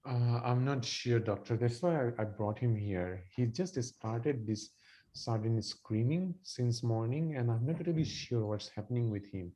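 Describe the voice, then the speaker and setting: A man's voice: mid-range voice, animated, unhurried, warm tone, lightly acted. A man playing a worried father of a sick young son in a medical exam role-play, answering hesitantly. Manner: hesitant, concerned replies.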